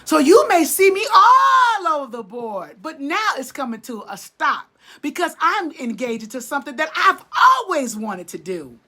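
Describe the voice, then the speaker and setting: A woman's voice: high-pitched, very animated, normal speed, bright, forceful tone. A woman giving an emotional, preacher-like motivational talk, repeating herself for emphasis. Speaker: online motivational speaker.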